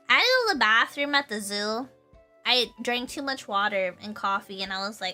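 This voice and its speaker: Brief: young woman streamer, high and bouncy, bright tone, rambling giggly chat, faint music behind. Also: very animated, normal speed. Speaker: livestream host.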